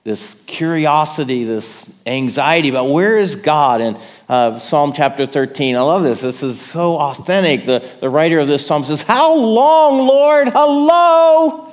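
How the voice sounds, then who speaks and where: A pastor delivers a sermon in a conversational way, checking in with his listeners. His medium-pitched voice moves at a moderate pace and carries a big-room sound.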